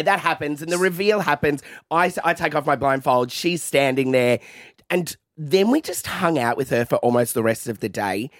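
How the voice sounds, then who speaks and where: A young Australian man tells a story as a radio guest, words tumbling out in an excited ramble. His voice sits at an ordinary pitch for a man. The studio sound is dry and close. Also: no room sound. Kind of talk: casual radio chat.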